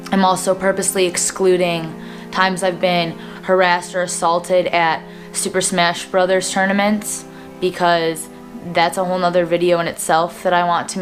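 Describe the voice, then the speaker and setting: A young woman in her twenties talking to camera in a personal vlog, earnest and plain-spoken with frequent fillers. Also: fairly low pitch. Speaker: vlogger.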